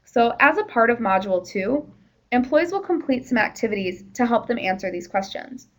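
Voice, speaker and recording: A woman's voice: on the high side, expressive, moderate pace, poor audio. A woman presenting a workplace training session in a conversational, explanatory way, with the odd "you know".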